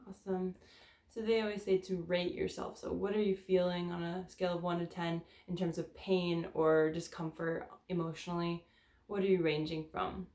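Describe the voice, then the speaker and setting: A woman's voice: fairly low pitch, little pitch movement, normal speed, warm tone. A woman leading a guided tapping session in a casual, candid way, swearing freely and sighing between statements. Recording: echoey room.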